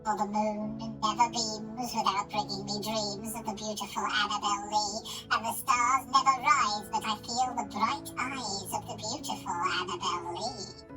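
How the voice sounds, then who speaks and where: A man using a chipmunk pitch-shift filter to give a melodramatic, drawn-out reading of a poem. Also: steady tone. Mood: mournful. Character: squeaky chipmunk-voiced poetry reader, melodramatic. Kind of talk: dramatic poetry reading. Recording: distant voice over loud music.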